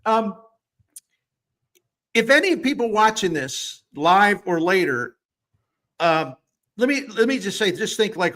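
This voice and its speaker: A man co-hosting sports talk, worked up and sarcastic as he builds his case. His voice is bright and forceful, and his pitch sits a touch high for a man. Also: very animated, takes it slowly, long pauses. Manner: heated, sarcastic rants. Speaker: sports radio co-host.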